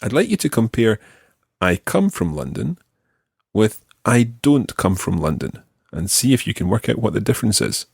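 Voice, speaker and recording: Patient Scottish man teaching slowly. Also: lowish voice, wildly swooping pitch, vocal fry, husky, no room sound, clean studio sound. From Scotland. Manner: patient, models phrases slowly for repetition. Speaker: language teacher. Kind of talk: slow, clear language lesson.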